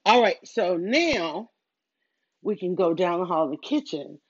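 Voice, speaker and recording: A woman's voice: on the low side, animated, a little slow, breathy edge, no room sound, lo-fi sound. A middle-aged woman, talking casually and rambling while she does chores at home, interrupting herself and acting out her own thoughts. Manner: chatty, self-interrupting, storytelling with quoted self-talk. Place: at home, moving between rooms. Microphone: headset.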